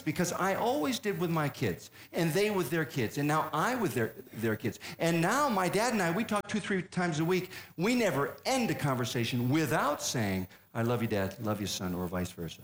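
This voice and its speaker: An older man telling a humorous personal story to a live audience, conversational with deadpan punchlines. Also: fairly high pitch, moderate pace. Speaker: comedic speaker.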